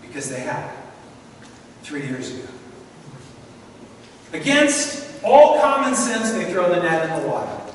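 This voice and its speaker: A middle-aged pastor preaches a sermon in a large church hall, telling the story vividly and acting out the voices of its characters. His voice is on the high side, very animated and unhurried, with frequent pauses. It's recorded from far off in the echoey hall, with faint noise.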